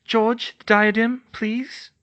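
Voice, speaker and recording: Man voicing a sharp urgent young witch. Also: high voice, little pitch movement, slow, lo-fi sound, pitched above the performer's own voice. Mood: tense. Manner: urgent, commanding. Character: brisk clever young witch, sharp-tongued under pressure.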